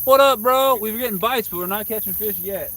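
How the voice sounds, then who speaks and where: A man's voice: high voice, a little fast, pushed and bright, recorded from a distance. A man casually chatting on a night fishing livestream outdoors, easygoing and talkative. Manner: easygoing, chatty, says man and bro a lot.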